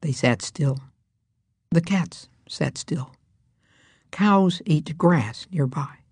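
A woman reading a children's storybook aloud in a hushed, breathy manner. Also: low-pitched, very slow, no room sound.

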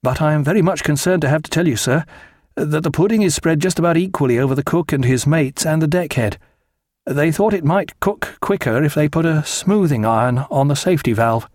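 A man voicing a courteous naval captain, measured and polite, in an audiobook. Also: fairly high pitch, lively intonation, darkish tone, no room sound, clean studio sound. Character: composed male naval captain, hosting guests.

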